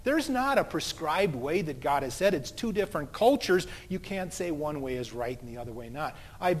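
A man's voice: a little high, expressive, normal speed. A man preaching a sermon as a pastor, telling stories in a conversational way. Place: church sanctuary. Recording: long church reverb.

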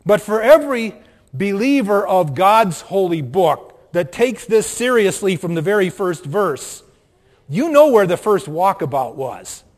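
High-voiced preacher with a Minnesota accent. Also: male voice, sing-song, unhurried, long reverb tail. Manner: earnest preaching with rising emphasis. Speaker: pastor. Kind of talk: sermon. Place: church.

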